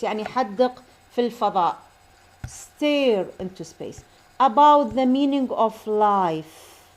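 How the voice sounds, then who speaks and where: A woman teaching an English lesson, slowly modeling sentences, repeating them for practice and adding quick explanations. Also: fairly high pitch, darkish tone. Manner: slow careful model sentences, quick asides in Arabic; repeats phrases for drilling. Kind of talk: bilingual classroom lesson.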